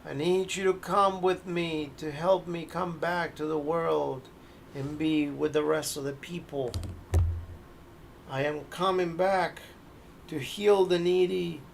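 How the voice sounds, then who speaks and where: A man voicing a sinister fire entity that poses as god, speaking in a grand, booming way. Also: creaky, a little hiss or hum.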